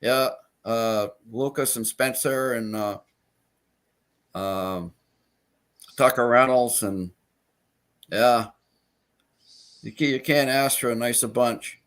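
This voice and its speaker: A man with an ordinary mid pitch, chatting as a guest on a live show. He tells his stories in a halting way, restarting his sentences, and keeps circling back to his point. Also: a bit bright. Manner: rambling storyteller, halting with restarts. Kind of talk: casual chat.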